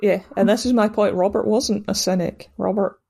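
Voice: mid-range voice, steady tone, normal speed, vocal fry, dark tone, breathy edge. A speaker chatting casually about a film, arguing wry points in a dry way. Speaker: podcast co-host discussing a film. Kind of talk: casual chat.

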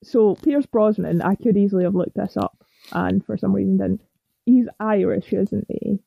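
A woman's voice: mid-range voice, normal speed, gravelly, breathy edge. A woman chatting wryly over a video call, speaking close into a muffled computer mic while lying down. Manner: chatty, wry and teasing. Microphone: muffled computer microphone, speaking up close while lying down.

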